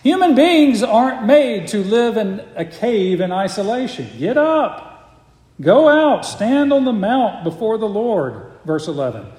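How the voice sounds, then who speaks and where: A man preaching a sermon, reading scripture aloud and explaining it earnestly, sometimes sinking to a soft hush. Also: high voice, sing-song, measured pace. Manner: earnest, drops to a soft hush for quiet moments. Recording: echoey hall.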